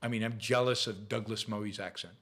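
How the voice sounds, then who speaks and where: A man's voice: on the low side, steady tone, fairly quick, a bit bright. A man with a noticeable accent hosting a casual question-and-answer show, reading viewer questions aloud and answering them with frequent restarts and fillers. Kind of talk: casual live Q&A talk.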